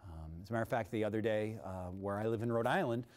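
A man hosting a kids' science demonstration in a TV studio, energetic and showy, with big swings in pitch and loudness. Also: quick pace. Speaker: science presenter for kids.

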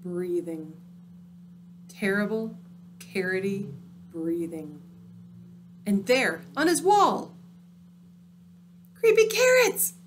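A woman reading a picture book aloud, dramatic and dropping into hushed, spooky tones. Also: mid-range voice, expressive, slow, long pauses, a little hiss or hum. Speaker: storyteller.

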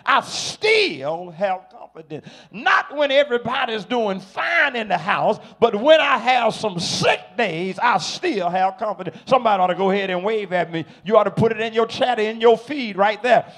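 A man preaching a sermon, repeating words as he builds, swelling from quiet explanation into loud shouted calls for his listeners to answer. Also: high-pitched, big pitch swings, a little slow.

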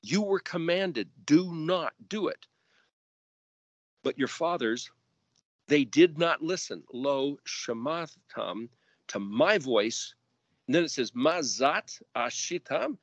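A man teaching scripture verse by verse, spelling out Hebrew letters and word roots deliberately and rising sharply when stressing commands. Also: on the high side, animated, no room sound, muffled recording. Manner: emphatic rises on commands. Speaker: Bible teacher.

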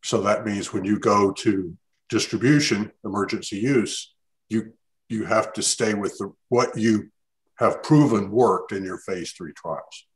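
A man scientist on a panel, explaining in a measured way. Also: fairly low pitch, poor audio. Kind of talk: panel discussion.

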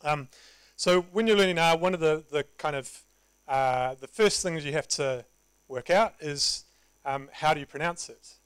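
A man with a New Zealand accent giving a relaxed, conversational conference talk with self-deprecating humor. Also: on the high side, normal speed, smooth, no echo, low-quality recording. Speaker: conference presenter. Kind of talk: casual live tech talk. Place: meetup presentation room.

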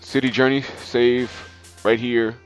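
A man with a stuffy nose, speaking in a mid-range voice with little pitch movement and a slightly slow pace, gives rambling, chatty let's play commentary full of fillers. The casual game talk sounds dull and lo-fi, with faint game music behind him.

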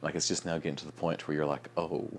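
A young man chatting casually in a late-night vlog, sleepy and yawning, rambling with restarts and soft chuckles. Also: extremely low pitch, level tone, fast talker, slight background noise. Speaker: vlogger.

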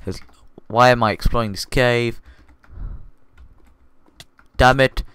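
A man's voice: mid-range voice, fairly even intonation, slow pace, fairly bright tone, smooth, dry recording. A man giving casual gameplay commentary, rambling and joking at himself as he plays. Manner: goofy, rambling and self-mocking. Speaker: gaming video host.

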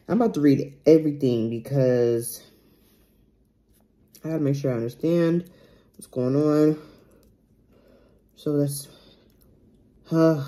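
A woman's voice: deep voice, warm tone. A young woman vlogging casually at home, chatty and repeating herself, often calling viewers y'all. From Chicago area, United States. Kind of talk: casual vlog to camera.

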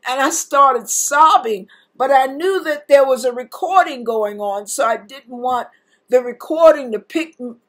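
Slow-speaking earnest woman preacher. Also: sits high. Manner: emotional, tearful at times, earnest. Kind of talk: sermon-style teaching and testimony.

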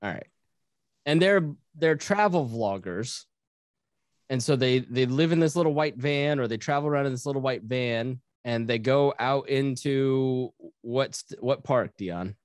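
A man with a mid-pitched voice hosts a podcast in casual, reflective chat. He laughs often and restarts his sentences. The sound is dry and close. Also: a little slow, no echo. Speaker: podcast host.

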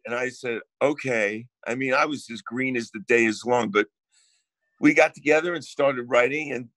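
A man's voice: medium pitch, moderate pace, a bit bright, dry recording. A man with a New Jersey accent, a guest songwriter telling brash stories in casual podcast chat and swearing freely.

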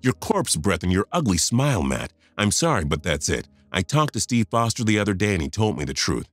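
A man voicing an angry, fed-up wife in her fifties, scolding in sharp outbursts. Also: lowish voice, sing-song, brisk, no echo, faint music behind.

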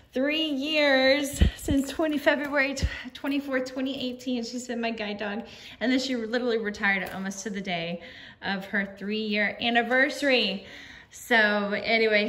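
A chatty, higher-voiced middle-aged woman talks into a phone camera held in landscape mode in her apartment living room. She switches between easy talk to her viewers and sweet baby-talk to her dog. A faint hiss sits under her voice. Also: fairly bright tone. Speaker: vlogger. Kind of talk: casual chat.

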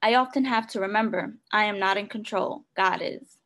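A woman reads her own faith devotional aloud with sincere, earnest delivery. Her voice sits at an ordinary middle pitch for a woman. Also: moderate pace, fairly bright tone. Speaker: devotional reader. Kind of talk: reading a personal devotional.

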